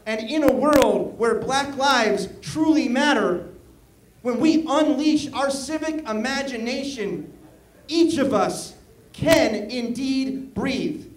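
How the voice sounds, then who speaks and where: A man working as an event emcee, energetically leading a live audience in call-and-response chants and shouting to pump them up. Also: very high voice, slow pace, poor audio. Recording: live event with loud crowd and background noise. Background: crowd noise.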